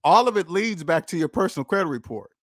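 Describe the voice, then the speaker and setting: A man running a personal finance channel preaches right at the camera, leaning on repetition to drive things home. He's expressive and talks fast in a voice a little high for a man, captured close and dry with no echo.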